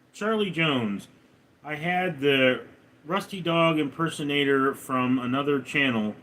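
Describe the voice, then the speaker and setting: A man's voice: a bit bright, slight background noise. Man reading chat aloud on a stream. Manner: reads viewer names and questions aloud, then answers in a low mutter. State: recovering from a hospital stay. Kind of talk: casual live stream chat.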